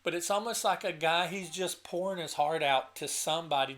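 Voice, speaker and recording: Reviewing an album for his channel, a man talks to camera about his favorite songs with casual emotion, his voice a little high, fairly quick and fairly bright. He's enthusiastic and earnest, now and then choked up, and keeps restarting his sentences.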